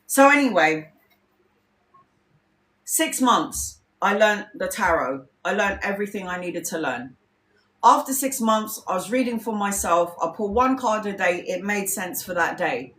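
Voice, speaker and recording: A woman's voice: mid-range voice, lively intonation, a little slow, fairly bright tone. Woman tarot reader rambling on a live, blunt, swears a lot, echoey room. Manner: blunt, chatty, swears freely, acts out friends' lines. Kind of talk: casual livestream storytelling.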